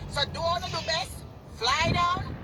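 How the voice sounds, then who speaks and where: A Jamaican woman with a high voice tears into someone in a heated, profane rant, hammering the same lines again and again. She's recorded outdoors by a road, and cars and buses rumble loudly around her. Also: steady tone, a little slow. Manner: cursing, heated, repetitive. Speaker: vlogger.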